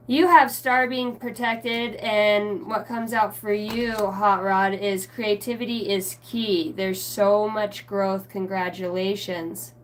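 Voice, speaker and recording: A woman's voice: mid-range voice, slight background noise. Rambling, chatty woman giving a spiritual reading. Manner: rambling, loose and chatty, with casual swearing; self-mocking aside, often trailing off mid-thought. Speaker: spiritual reader answering viewers live. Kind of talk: casual livestream oracle reading.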